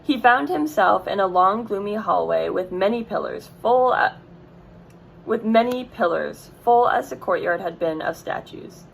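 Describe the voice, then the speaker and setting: A woman's voice: mid-range voice, lively intonation, unhurried, creaky, slight background noise, poor audio. A woman reading a children's book aloud, with casual asides and self-corrections. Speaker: reader.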